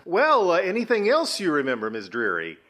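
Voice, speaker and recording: A man's voice: high voice, wildly swooping pitch, a little fast, a bit bright. A man hosting a mock tribute interview, hesitant and politely correcting his guest. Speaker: host.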